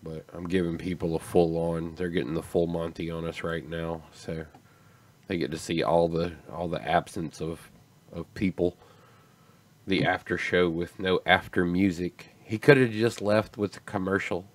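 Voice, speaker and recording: A man's voice: low voice, fairly even intonation, normal speed. A man hosting a livestream, chatting casually in a rambling, laid-back way that often trails off. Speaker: stream host.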